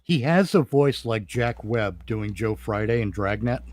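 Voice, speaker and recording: A man's voice: on the low side, lively intonation, a little slow, darkish tone, slight background noise. A man casually chatting on a podcast, rambling and laughing at his own jokes. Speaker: podcast host and comedy writer. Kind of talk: casual chat.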